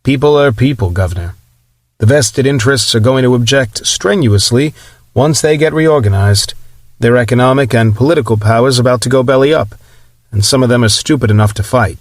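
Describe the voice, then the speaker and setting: A wry, outspoken counselor with a New England twang, as a male audiobook narrator reads him. He talks plainly and bluntly at a middle pitch. The recording is dry and close. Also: a little fast, dry recording, close to an everyday voice.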